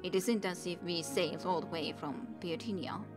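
A woman's voice: fairly low pitch, moderate pace, over music, lightly acted. A woman voicing an indignant robed male envoy in a fantasy storybook reading. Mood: angry. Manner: testy, indignant. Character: angry grey-cloaked male envoy.

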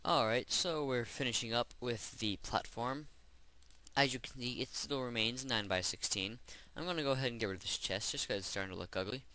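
A Minecraft tutorial host with a mid-range, pushed, bright voice narrates a gameplay voice-over at a fairly quick pace. He chats casually and rambles while working through each building step.

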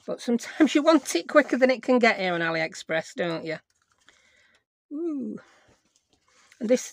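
Middle-aged woman, craft host, rambling self-talk, slight gravel. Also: medium pitch, dry recording. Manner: rambling, self-mocking, talks to herself while working. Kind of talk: chatty crafting tutorial.

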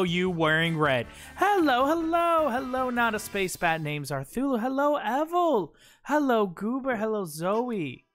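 Animated, playful male game streamer. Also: on the high side. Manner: playful, jokey, chats to viewers. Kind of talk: casual live-stream chat.

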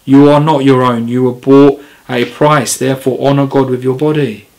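A man's voice: medium pitch, flat delivery, moderate pace, a little mellow. A man preaching an informal sermon, reading scripture and speaking earnestly and with growing passion. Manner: earnest, grows impassioned and emphatic.

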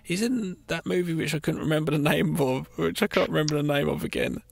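A man with a gravelly voice, talking casually on a podcast. He keeps cutting in with asides and film references. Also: fairly high pitch, very animated, fast talker, no room sound. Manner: chatty asides, cuts in with film trivia. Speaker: podcast co-host. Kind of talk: casual film-recap chat.

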